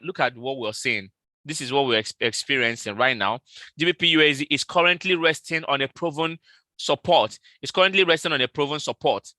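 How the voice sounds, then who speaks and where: A man with a very bright, sharp-edged voice hosts a live trading session. He repeats each call and spells out numbers slowly, and the sound is dry and close to the mic. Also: mid-range voice, dry recording. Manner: repetitive, calls out trade levels slowly and repeats them. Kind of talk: live market analysis stream.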